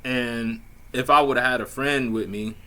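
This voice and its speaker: A man's voice: medium pitch, fairly even intonation, unhurried, pushed and bright. A man casually telling a personal story, laid-back and slangy with plenty of swearing and fillers. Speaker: vlogger telling a dating story.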